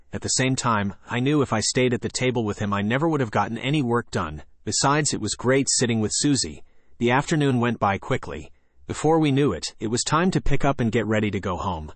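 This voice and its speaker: A man's voice: mid-range voice, expressive, a little fast, a bit bright, dry recording. A man narrating a children's chapter book in first person with playful storytelling. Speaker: audiobook narrator.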